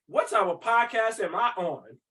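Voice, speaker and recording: A man's voice: high voice, moderate pace, sharp tone, recorded from a distance. A man co-hosting a podcast, talking in loose, crude slang and laughing often as he riffs. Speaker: podcast co-host. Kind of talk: casual podcast banter.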